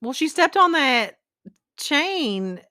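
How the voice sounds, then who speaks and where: A woman co-hosting a podcast, chatty and reactive, quick to laugh. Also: sits high, big pitch swings, pushed and bright, no echo, studio quality. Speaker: podcast co-host. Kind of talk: casual chat.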